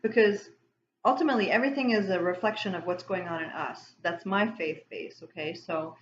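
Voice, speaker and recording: A woman's voice: lowish voice, brisk, echoey room, lo-fi sound, slight background noise. A woman giving a casual spiritual tarot reading to camera, rambling and going off on tangents. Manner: rambling, warm-hearted, self-interrupting. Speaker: tarot reader.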